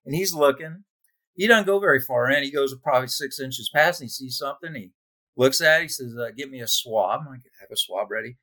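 A man who works as a nurse, with a medium-pitched voice and brisk delivery, tells funny stories from his job in casual chat. His anecdotes are animated, and he laughs along as he tells them.

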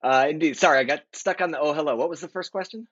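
A man's voice: a little high, fast, breathy edge, dry recording. Chatty man on a dull lo-fi call. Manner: relaxed, rambling with many fillers. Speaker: guest, marketing executive. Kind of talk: casual podcast interview. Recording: dry, dull lo-fi sound.

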